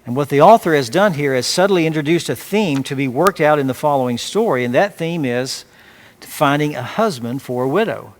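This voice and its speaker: A man preaching as pastor, reading scripture aloud and explaining it phrase by phrase in a measured way. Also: on the high side, expressive. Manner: measured, with frequent restarts and repeated words. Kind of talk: expository sermon.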